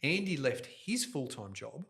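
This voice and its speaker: A middle-aged man appears as a guest in a podcast studio; he's an event host and MC telling stories in an animated interview. His bright, forceful, mid-range voice has vocal fry and comes in lively, fast bursts, jokey and energetic, as he talks with his hands close to a directional mic.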